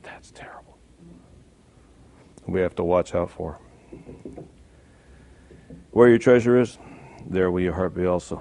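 Gravelly conversational male preacher. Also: deep voice, unhurried, pauses often, slight background noise. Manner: conversational, jumps to loud emphasis and quoted voices. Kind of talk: sermon.

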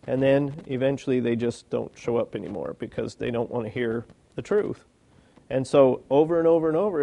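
Mellow-voiced man preaching conversationally. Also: mid-range voice. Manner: plain conversational preaching with rhetorical questions. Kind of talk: sermon.

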